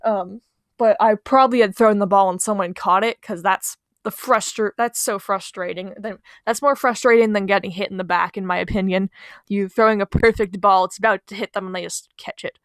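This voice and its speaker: A young woman narrates childhood mishaps for a storytime video, her delivery casual and rambling, sliding into quieter self-mocking asides. Her pitch sits in an ordinary middle range. The recording is dry and close, made in a small bedroom with no echo. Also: fairly even intonation, a little fast. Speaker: storytime channel host. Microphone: home recording mic, voice-over.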